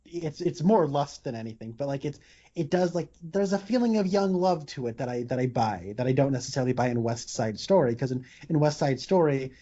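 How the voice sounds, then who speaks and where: A podcast host talks casually about films, rambling with lots of fillers and restarts. His mid-range voice is mellow, a little fast and lively in intonation. The podcast audio is dull and lo-fi.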